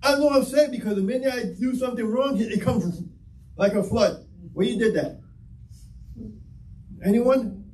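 High-voiced pastor preaching in an echoey hall. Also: male voice, normal speed, pauses often, darkish tone, a little hiss or hum. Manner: impassioned, conversational preaching with acted-out dialogue. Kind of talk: sermon. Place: church sanctuary. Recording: echoey church hall, mic from a distance.

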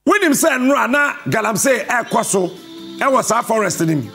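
Ghanaian male host, combative interviewer, high and lively with gravel. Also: normal speed, faint music behind. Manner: forceful, repeats and cuts in, sing-song emphasis. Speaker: radio and TV host. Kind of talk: combative live interview on air.

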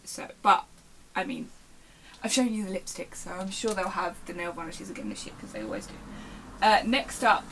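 A woman's voice: lowish voice, big pitch swings, moderate pace, a bit bright, rough recording. Young woman vlogging at home, rambly and chatty, slight background hiss. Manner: chatty, rambling, self-interrupting. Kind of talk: casual show-and-tell chat.

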